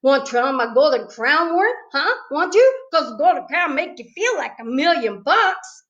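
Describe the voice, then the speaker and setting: A woman puts on a chatty little schoolgirl, high and bouncing all over the place, eager and pushy in an earnest way. She sounds bubbly and a bit bossy. The recording is slightly dull and lo-fi. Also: big pitch swings, normal speed, fairly bright tone. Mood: chirpy.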